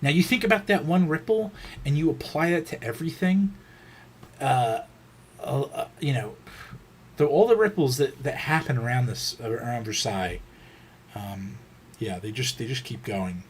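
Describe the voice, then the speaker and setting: A man's voice: mid-range voice, normal speed, breathy edge. A man giving a casual, unscripted history lecture, rambling with frequent fillers and restarts.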